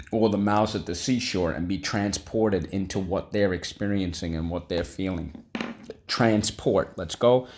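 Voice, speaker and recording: A man's voice: deep voice, darkish tone. A man teaching a vocabulary lesson, upbeat and coaxing, repeating each word for students to echo.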